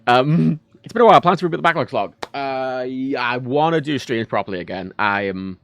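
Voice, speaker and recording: A man's voice: medium pitch, fairly quick. A man streaming casually, rambling and swearing freely and often cutting himself off mid-sentence. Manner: rambling, sweary, self-interrupting. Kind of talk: casual livestream chat.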